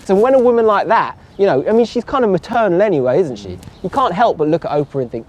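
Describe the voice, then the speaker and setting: Guy riffing silly nonsense, high voice that jumps all over. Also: expressive, fast, few pauses, slight background noise. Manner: playful, absurd joking. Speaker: podcast co-host. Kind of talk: casual chat.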